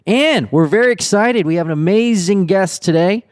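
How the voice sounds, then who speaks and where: A man co-hosting a podcast in casual chat, relaxed, with restarts, reading out episode facts. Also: high-pitched, normal speed, clean tone, no echo, studio quality. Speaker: podcast co-host.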